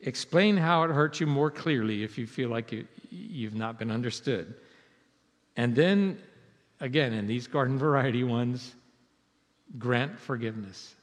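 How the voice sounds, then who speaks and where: Earnest preacher in a reverberant hall. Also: male voice, medium pitch, unhurried. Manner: earnest and conversational, swinging between emphatic and hushed. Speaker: pastor. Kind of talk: sermon.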